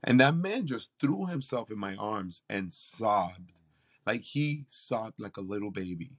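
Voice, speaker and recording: A man's voice: lowish voice, animated, unhurried. A man, a campus pastor, telling a faith story in an interview with an earnest, preacherly delivery. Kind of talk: interview testimony.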